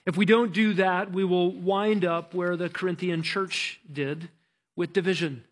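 A man delivers a sermon in a high, light voice. He preaches earnestly and with emphasis, stumbling and restarting his phrases as he presses his point. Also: steady tone, measured pace. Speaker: pastor.

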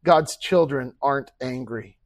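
A man's voice: medium pitch, unhurried, dry recording. A man preaching a sermon as pastor, earnest and conversational, with rhetorical questions and acted-out quoted speech.

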